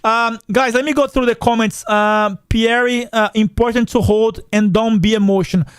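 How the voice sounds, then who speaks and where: High-voiced non-native English-speaking man. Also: steady tone, normal speed, clean tone, no echo, clean studio sound. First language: not English. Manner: chatty, repetitive, addresses viewers as guys. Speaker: finance channel host. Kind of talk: casual livestream chat reading comments.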